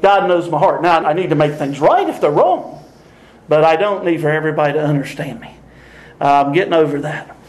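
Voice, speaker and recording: An older man preaches with an animated, storytelling delivery, laughing often as he acts out the people in his stories. His voice sits high for a man. The sound carries a clear echo from the room. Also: fairly quick. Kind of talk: sermon with storytelling.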